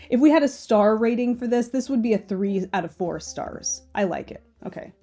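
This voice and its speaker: A woman's voice: mid-range voice, animated, normal speed, hardly any pauses, mellow, faint music behind. A woman hosting a knitting channel, chatting casually with a stuffy nose and thinking aloud as she goes. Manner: chatty, thinks aloud, changes her mind. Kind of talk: casual chat.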